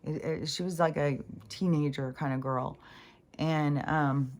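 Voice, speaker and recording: A middle-aged woman with a low-pitched voice talks in a loose, rambling vlog monologue. She fills her speech with ums, likes and restarts, and swears freely. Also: fairly even intonation, takes it slowly, darkish tone. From Pacific Northwest US. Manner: rambling, profane, many fillers and restarts. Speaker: spiritual vlogger.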